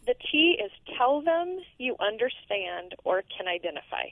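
A woman's voice: a little high, very animated, moderate pace, gravelly, no room sound. A middle-aged mother telling a parenting story in an earnest, storytelling way. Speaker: parenting guest. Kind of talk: casual chat. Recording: tinny phone line.

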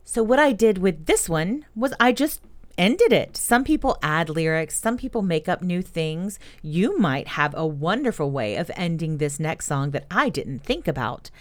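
Children's show host, woman, storytelling tone, very lively melodic delivery. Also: fairly low pitch, moderate pace. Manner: warm storytelling, speaks directly to young listeners. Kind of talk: children's music podcast talk.

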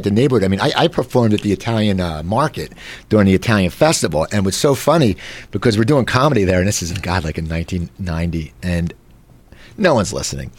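Rambling, animated man hosting a chat show. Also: on the low side. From New Jersey. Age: 40s. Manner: rambling, animated storytelling with many restarts. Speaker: host. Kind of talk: casual talk-show chat.

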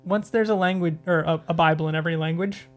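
A man talking as a guest on a casual podcast, chatty and quick to laugh. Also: on the high side, fairly even intonation, soft background music.

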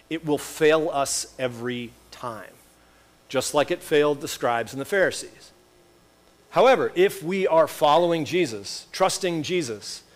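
Male pastor, conversational sermon, slightly high voice, asks the room questions. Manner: conversational, rhetorical questions and asides.

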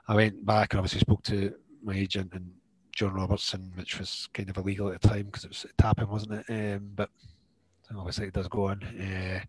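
A middle-aged Scottish man, a former footballer, telling stories in a lively way, acting out what others said and laughing along. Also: sits low, a little fast, slightly rough, no room sound. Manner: animated, acts out quoted dialogue, laughs often. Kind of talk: storytelling anecdotes in conversation.

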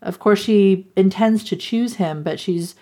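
A woman chatting casually as she recaps a book's plot. Her voice sits at an ordinary middle pitch, and she laughs often as she acts out lines from the story. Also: measured pace, dark tone. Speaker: podcast host recapping a book. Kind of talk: casual chat.

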